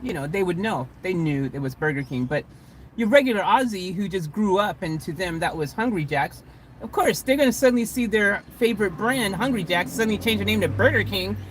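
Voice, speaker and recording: A vlogger talks loosely from inside a van, with a faint hum of noise behind. The story wanders and doubles back on itself, broken up by little chuckles and mid-sentence corrections. The voice sits at a middling pitch. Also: lively intonation, brisk, a bit bright. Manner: rambling, self-correcting, chuckling. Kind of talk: casual storytelling to camera.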